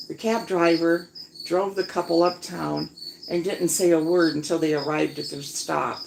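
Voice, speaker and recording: A woman's voice: low voice, level tone, moderate pace, gravelly, slight background noise, low-quality recording. A woman reading a story aloud outdoors at night and chatting casually to listeners between passages. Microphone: phone propped on a chair. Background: crickets and insects.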